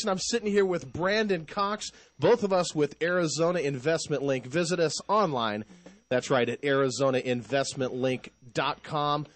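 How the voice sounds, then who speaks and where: A man hosting a live call-in radio show, upbeat and jokey, trading quick banter in a studio. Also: on the high side.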